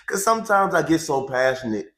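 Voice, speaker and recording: A man in his twenties talking to viewers in a casual, animated testimony, repeating phrases for emphasis, into a handheld microphone. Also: on the high side. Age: 20s. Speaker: vlogger.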